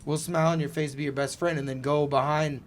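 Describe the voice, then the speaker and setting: A man's voice: a little high, level tone, fast, slight background noise. A man hosting a casual podcast interview, talking in an emphatic, chatty way and backing up his guest. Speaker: podcast host.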